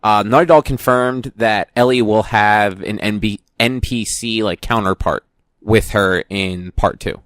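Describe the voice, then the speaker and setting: A man's voice: on the low side, measured pace, fairly bright tone, no room sound. A young man hosting a casual podcast, rambling and correcting himself as he talks into a studio mic. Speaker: podcast host. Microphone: studio microphone.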